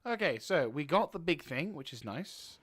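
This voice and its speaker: A man casually commentating a video game playthrough, chatting to himself and his in-game horse with bursts of excitement. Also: fairly high pitch, moderate pace, breathy edge. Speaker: gaming YouTuber. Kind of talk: casual let's play commentary.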